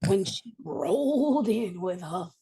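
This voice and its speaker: A woman comic book writer, a guest in a casual interview, telling stories in an animated, profane way and acting out her own reactions. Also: mid-range voice, slow, husky.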